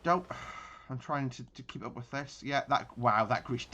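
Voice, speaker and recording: A man's voice: medium pitch, fairly even intonation, brisk, sharp tone, muffled recording, a little hiss or hum. A man giving casual gameplay commentary on a naval battle game, thinking aloud with frequent restarts. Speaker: gaming channel host.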